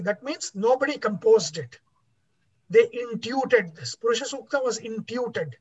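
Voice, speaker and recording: High-voiced man teaching a class. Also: lively intonation, unhurried, breathy edge. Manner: repeats and restarts words, asks "right?" often. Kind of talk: explanatory class lecture. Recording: dull lo-fi recording.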